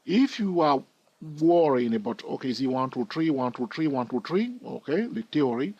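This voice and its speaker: Husky man teaching chart analysis. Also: medium pitch, lively intonation, normal speed, darkish tone, dry recording, lo-fi sound. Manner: chatty, thinks aloud, asks viewers rhetorical questions. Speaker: trading educator. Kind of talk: screen-recorded chart tutorial.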